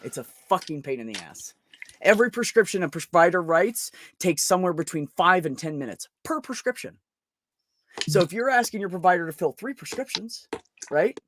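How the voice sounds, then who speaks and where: A man's voice: sits high, big pitch swings, normal speed, fairly bright tone, a little hiss or hum. A middle-aged man hosting a podcast, venting bluntly in casual chat with heavy swearing. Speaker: podcast host.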